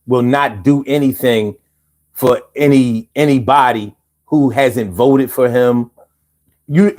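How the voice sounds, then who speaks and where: A man hosting a live stream, ranting casually and with lots of swearing while he talks straight to the viewers in chat. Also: medium pitch. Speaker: livestream host.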